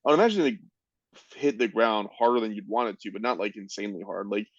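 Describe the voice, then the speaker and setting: A man co-hosting a casual podcast, reacting in an easygoing, halting way. His voice sits somewhat low, the recording is muffled in the highs, and there is no room sound. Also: no room sound. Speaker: podcast co-host. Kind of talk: casual chat.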